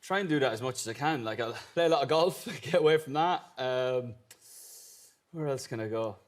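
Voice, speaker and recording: A young man with an Irish accent, a musician guest on a chat show, answering in a laid-back, halting way with easy laughs. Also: medium pitch. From Ireland.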